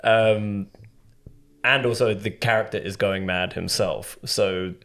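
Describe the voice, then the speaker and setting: A man's voice: on the low side, steady tone, slow, fairly bright tone. A man co-hosting a film podcast in casual chat, talking in a thoughtful, analytic way with hesitant restarts. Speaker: podcast co-host.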